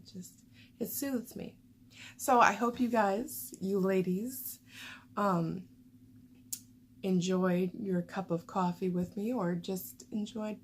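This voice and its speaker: Rambling gravelly-voiced woman vlogger. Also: mid-range voice. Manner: rambling, chatty, frequent fillers. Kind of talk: casual chat to camera.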